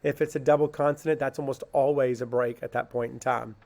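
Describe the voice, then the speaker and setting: A man's voice: medium pitch, fairly even intonation, gravelly, darkish tone. A man teaching a phonics lesson to children, asking a question and answering it himself, then sounding words out syllable by syllable. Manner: slow, patient, asks questions and answers them himself.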